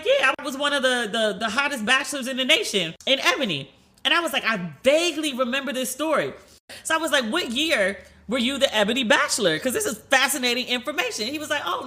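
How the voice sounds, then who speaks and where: Woman podcaster rambling and retelling convos, bright forceful voice, swears a lot. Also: sits high. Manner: chatty, animated, swears, acts out quoted dialogue. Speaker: podcast host. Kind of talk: solo podcast storytelling.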